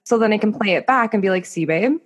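A woman co-hosting a podcast, with a mid-range voice. She tells stories in an animated, chatty way and fills her sentences with "like.". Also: mid-range voice, very fast. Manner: animated storyteller, many fillers. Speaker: podcast co-host. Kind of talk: casual chat.

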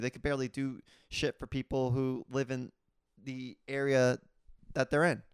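Young male podcast host, smooth clear voice, dry close sound, casual rambling delivery. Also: mid-range voice, moderate pace, no room sound. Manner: casual, rambling with fillers and repeats. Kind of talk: solo podcast monologue.

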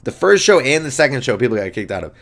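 A man's voice: mid-range voice, very animated, quick pace, a bit bright. A young man hosting a podcast, riffing in a brash, profane and rambling way with mock boasts. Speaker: comedian and podcast host. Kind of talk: casual comedic monologue.

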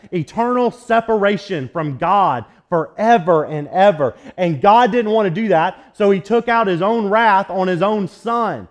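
A man pastor preaching a relaxed, joking sermon in a church sanctuary, telling stories between scripture readings. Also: high voice. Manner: casual, conversational, joking storyteller.

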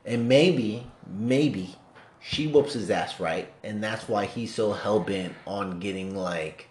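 A man in casual movie chat, talking in an animated, profane, rambling way. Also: on the low side, slow pace, roomy sound.

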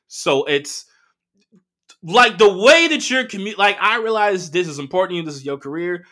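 Brief: male comedian host, solo chat, a touch high, bright and punchy, swears freely. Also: normal speed. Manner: profane, animated storytelling with voiced quotes. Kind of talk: casual solo monologue.

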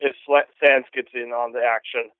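A man's voice: medium pitch, level tone, normal speed, no room sound. A man playing in a tabletop game, talking casually and a little hesitantly. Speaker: player. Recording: tinny phone-like line, dry.

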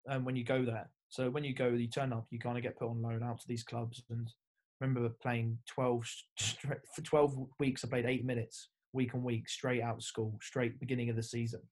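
A man's voice: medium pitch, level tone, fairly quick, darkish tone. A young man from England, a former rugby player, chatting casually as a podcast guest, full of fillers and swearing. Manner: laid-back, storytelling with lots of fillers and swearing. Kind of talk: casual chat.

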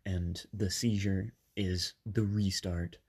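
A man in his twenties hosting a podcast from a bedroom padded with soft things. He is slightly sick and tells his story casually, with many ums and self-corrections. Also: low-pitched, fairly even intonation, takes it slowly, breathy edge. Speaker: podcast host.

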